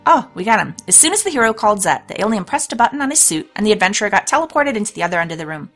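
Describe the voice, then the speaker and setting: A woman's voice: medium pitch, sing-song, racing, fairly bright tone, faint music behind. A woman hosting a let's play, reading a storybook game aloud with chatty, laughing asides. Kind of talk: let's play narration and commentary.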